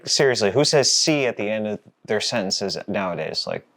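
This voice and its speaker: A man's voice: fairly low pitch, lively intonation, moderate pace, a bit bright, slight background noise. A man playing an eager young male engineer talking to his boss in a comedy skit. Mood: exasperated.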